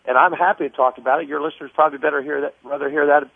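Man calling in on a tinny phone, fervent preachy way of talking, kinda high voice. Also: steady tone, racing, gravelly, dry recording. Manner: fervent, preacherly, repeats words when building a point. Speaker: political guest on a call-in. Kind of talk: phone interview. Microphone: telephone.

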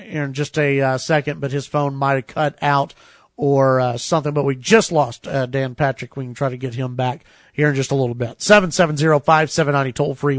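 A man hosting a talk radio show, easygoing and chatty with frequent pauses to fill. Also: a little high, no room sound, studio quality.

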